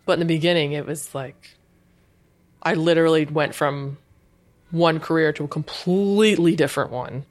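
A woman's voice: low-pitched, moderate pace. Chatty woman in her thirties. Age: 30s. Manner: chatty, says "like" often, animated retelling. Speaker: guest, UX designer. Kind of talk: casual interview chat.

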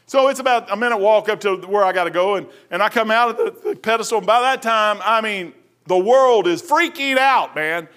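A preacher, a man with a high, bright voice, delivering a folksy, animated sermon in a church. He slips into casual storytelling and keeps dropping "man" as he goes. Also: a little fast.

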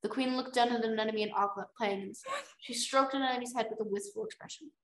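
Animated young woman reading aloud, echoey room. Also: fairly high pitch, fast. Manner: animated, bursts into exclaims and laughs. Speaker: podcast co-host reading a book aloud. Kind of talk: reading aloud with chatty reactions.

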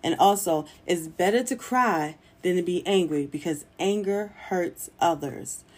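A woman's voice: lowish voice, measured pace, a little mellow. A woman hosting her own podcast, talking casually and encouragingly to listeners, informal with little laughs. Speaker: podcast host. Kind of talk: casual solo podcast talk.

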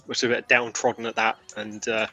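Bright-toned man, game master, loose and rambling narration. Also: mid-range voice, level tone, brisk. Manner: rambling, with many restarts.

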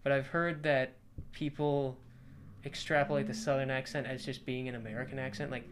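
A young man chats casually as a podcast co-host, with a voice of ordinary middle height. He jokes in a dry, deadpan way and stays playful. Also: mid-range voice, fairly quick, background noise. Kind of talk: casual chat.

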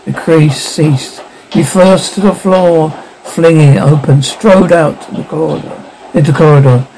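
A man's voice: fairly high pitch, a little slow, a little mellow, slight background noise, low-quality recording. A man narrating a ghost story aloud as an audiobook, giving the characters light voices of their own.

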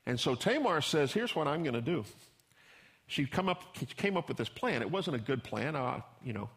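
A man's voice: mid-range voice, sing-song, normal speed, a bit bright. A man pastor preaching a sermon in a folksy storytelling way, acting out the characters he describes.

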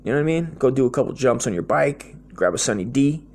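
Man, American, gravelly voice, mid pitch, profane comic monologue, rambling, slangy, blunt. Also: lively intonation, quick pace, a little mellow. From United States. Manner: rambling, slangy, keeps saying dude; crude, blunt and joking.

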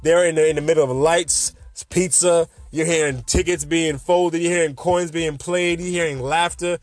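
A man's voice: on the high side, fairly even intonation, moderate pace, few pauses, no echo. A man in his twenties hosting a podcast, rambling through a late-night rant in a jokey, sarcastic way. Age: 20s. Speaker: podcast host.

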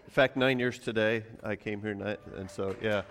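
A man's voice: fairly low pitch, fairly even intonation, moderate pace, crowd noise, noisy background. A man preaching a sermon as pastor, telling stories casually and often repeating words as he goes. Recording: long hall reverb.

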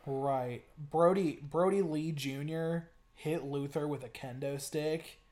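A man's voice: on the high side, slow. Young man gushing in casual podcast chat. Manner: excited, swears a lot, stumbles and repeats words. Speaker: podcast co-host.

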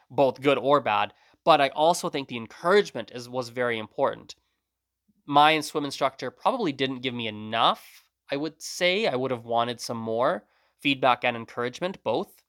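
Man, podcast host, casual monologue, rambling, self-correcting, average pitch. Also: fairly bright tone, no echo, clean studio sound.

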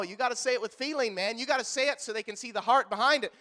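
Bright high-voiced man preaching a sermon. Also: rapid-fire. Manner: animated, joking with the congregation by name. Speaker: pastor. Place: church.

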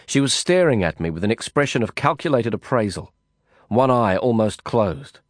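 A man narrating a first-person novel in a measured, reflective storytelling manner. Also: lowish voice, dry recording, clean studio sound. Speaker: audiobook narrator.

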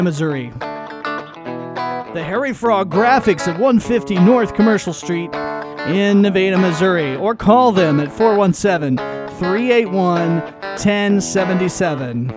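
A middle-aged man, reading sponsor ads in a loud, drawn-out announcer style. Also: high-pitched, voice pushed up. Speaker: podcast host reading sponsors.

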